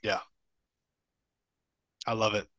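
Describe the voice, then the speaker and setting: An upbeat podcast host with a bright, forceful voice keeps the conversation moving with encouraging remarks. The sound is dry and close, with no room echo. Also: female voice, takes it slowly. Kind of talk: podcast interview.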